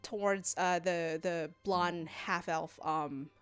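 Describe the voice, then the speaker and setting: Halting woman narrating a tabletop game. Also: fairly low pitch, fairly even intonation, a bit bright, smooth, faint music behind. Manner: halting, with many fillers. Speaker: game master and variety streamer.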